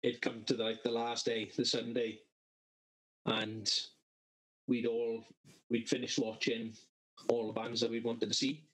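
A man's voice: mid-range voice, level tone, a little slow, pauses often, rough recording. A man casually telling a rambling, sweary festival story to friends on a podcast. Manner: sweary, rambling anecdote with laughs. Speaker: podcast co-host.

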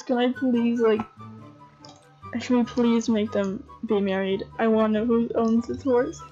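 A tired young woman giving casual commentary on a horse game, chatty and excitable, swearing freely and breaking into gasps and laughs. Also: fairly high pitch, a little slow. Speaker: gamer commentator. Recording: dull lo-fi home recording with faint game music.

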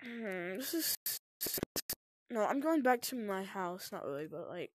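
A young woman chatting casually while playing a VR zombie game, jumpy and quick to shriek when scared. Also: medium pitch, big pitch swings, no echo. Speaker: gamer. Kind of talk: casual VR gameplay commentary.

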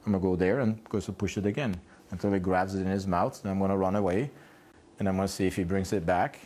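A man's voice: low voice, steady tone, quick pace, a little mellow. A man, a dog trainer, explaining puppy play in a home garage, asking rhetorical questions and answering them himself. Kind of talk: instructional talk.

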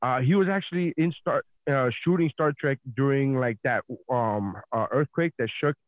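A man's voice: mid-range voice, normal speed, lo-fi sound. Rambling swearing male podcast host. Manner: rambling, swears freely, many fillers. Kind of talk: casual podcast chat.

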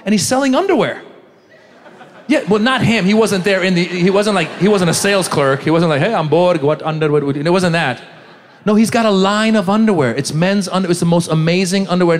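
A middle-aged man doing a stand-up comedy set on a club stage, quizzing the crowd and acting out characters. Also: sits high. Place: comedy club stage before a live audience.

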